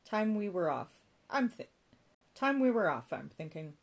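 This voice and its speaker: A woman's voice: fairly low pitch, big pitch swings, a little slow, creaky, exaggerated voice. Woman doing a sly drawling monkey boy. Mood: brisk.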